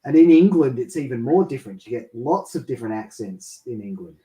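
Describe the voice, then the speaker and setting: A man from Australia talks casually on a live stream. His speech is hesitant and full of fillers and restarts. His voice sits at a middle pitch. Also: lively intonation, fairly quick, warm tone, far from the mic, rough recording. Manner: hesitant, many fillers and restarts, laughs often. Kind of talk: casual chat.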